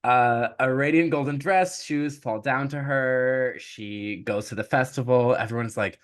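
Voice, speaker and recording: A man's voice: mid-range voice, a little slow, clear, resonant tone. A man hosting a podcast, casually retelling a fairy tale with jokes and lots of fillers. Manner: jokey, casual, many fillers. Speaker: podcast host.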